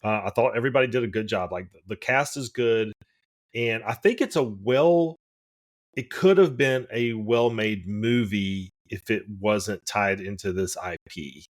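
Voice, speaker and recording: A man with a fairly low voice co-hosting a podcast. He talks casually, rambling and opinionated, and often restarts his sentences. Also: unhurried. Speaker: podcast co-host. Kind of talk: casual chat.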